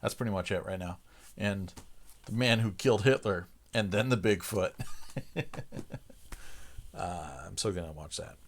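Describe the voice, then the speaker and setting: Relaxed and chuckling, a man hosting a livestream talks with the people in his live chat, his sentences loose and heavy with "uh." He speaks a little slowly in a low voice, leaving long pauses, and there's slight background noise.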